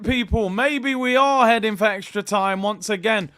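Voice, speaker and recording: Excitable high-voiced football watchalong host. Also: male voice, normal speed, few pauses. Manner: excitable, chatty, reacting to play and chat messages. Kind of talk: live football watchalong commentary.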